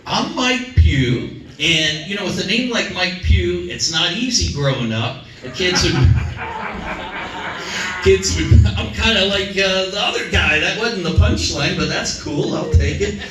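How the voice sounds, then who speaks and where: A man's voice: sits high, animated, takes it slowly, music in the background. A man doing a stand-up set, rambling and self-deprecating with many fillers, on a comedy club stage. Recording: echoey club from far off.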